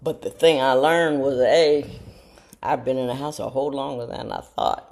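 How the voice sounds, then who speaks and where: A middle-aged woman, telling casual stories to her viewers in a chatty, self-mocking way and jumping into high voices when she quotes people. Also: steady tone, moderate pace, vocal fry, darkish tone. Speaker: show host talking to viewers. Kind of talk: casual storytelling monologue.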